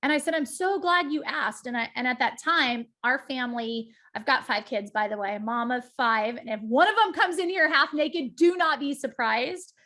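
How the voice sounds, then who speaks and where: A high-pitched middle-aged woman speaks as a guest at a meetup. She tells her story with emphatic, lively energy and keeps turning to address her listeners directly. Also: moderate pace, few pauses.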